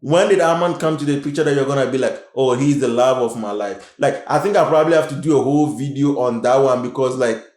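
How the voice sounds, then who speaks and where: A man reviewing a TV series in casual commentary, animated and emphatic, repeating his points. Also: medium pitch, fast talker, few pauses, reverberant. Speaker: show reviewer.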